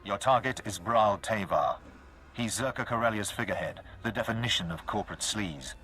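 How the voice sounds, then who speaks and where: An actor voicing a brisk military officer giving orders in a video game. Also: male voice, fairly low pitch, expressive, sharp tone. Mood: briefing. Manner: brisk, businesslike.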